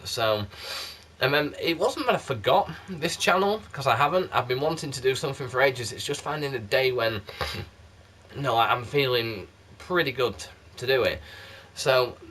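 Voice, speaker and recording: A man's voice: mid-range voice, normal speed, a bit bright. Chatty South Yorkshire man vlogging. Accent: mixed South Yorkshire English. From South Yorkshire, England. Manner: rambling, chatty, self-deprecating. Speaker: YouTube candle reviewer. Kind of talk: casual chat to camera. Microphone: PlayStation camera mic.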